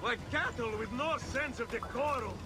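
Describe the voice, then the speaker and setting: A man's voice: extremely high pitch, normal speed, music in the background. A man voicing a snobbish townsman who scorns the city as graceless and common, in a video game. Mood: disdainful. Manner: haughty, sneering.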